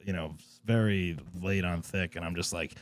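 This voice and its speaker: Deep voiced guy hosting a podcast, rambly, lots of "like" and "you know", swears casually, dry sound. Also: fairly even intonation, moderate pace, no echo. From New Jersey. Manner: rambling, filler-heavy, casually profane. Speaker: podcast host. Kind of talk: casual interview chat.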